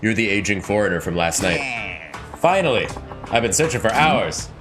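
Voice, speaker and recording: A man voicing a jolly, hard-drinking aging foreign man in a game, with a loud, pitched-up cheery delivery. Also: animated, normal speed, over music, lightly acted. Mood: jovial.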